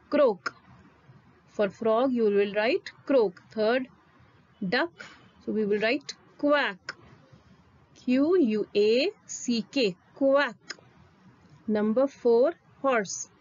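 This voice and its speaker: A woman's voice: a little high, darkish tone, lo-fi sound. A woman teacher, reading a lesson aloud to young children and spelling out words letter by letter.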